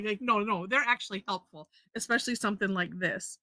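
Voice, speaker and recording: A woman's voice: medium pitch, fairly quick, few pauses, sharp tone, no echo. A woman leading a live drawing lesson, chatty, correcting herself and laughing often. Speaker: drawing instructor.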